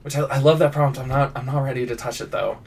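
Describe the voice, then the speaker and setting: A man's voice: mid-range voice, steady tone, quick pace, gravelly, darkish tone, breathy edge. A man live-streaming his writing, rambling casually through viewer prompts with lots of restarts and self-deprecating asides. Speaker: fiction writer live-streaming. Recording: voice somewhat far from mic.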